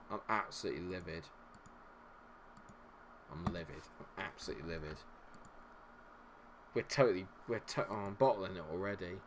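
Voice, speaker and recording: A man's voice: lowish voice, moderate pace, a little hiss or hum. A man giving live commentary on a football management game, frustrated and sarcastic, swearing often. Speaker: gaming streamer.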